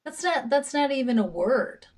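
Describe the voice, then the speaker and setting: A woman's voice: sits high, lively intonation, moderate pace. A young woman from the American Midwest co-hosting a casual chat, teasing and laughing at herself. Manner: laughing, self-deprecating. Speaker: co-host.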